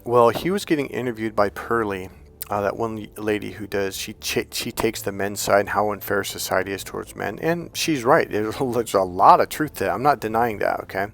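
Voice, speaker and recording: A man's voice: on the low side, expressive, normal speed, creaky, a bit bright. A man coaching other men on dating in a casual monologue, blunt and profane, and he mocks people with put-on voices.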